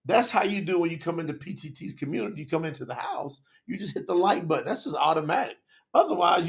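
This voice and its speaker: A man's voice: on the high side, lively intonation, quick pace, vocal fry. A man hosting a live online telethon, talking passionately and casually straight to his viewers. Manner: passionate, addresses viewers directly in casual slang. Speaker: livestream host. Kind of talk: casual livestream talk.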